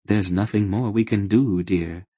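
A man voicing a calm grown woman sorceress who speaks softly and firmly. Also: lowish voice, husky, dry recording. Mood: sad. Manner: soft, measured, sorrowful.

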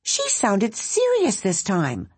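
A woman voicing a chatty, excitable female crow in an audiobook. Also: slow, breathy edge, dry recording, heavily acted. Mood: urgent. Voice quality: high and animated.

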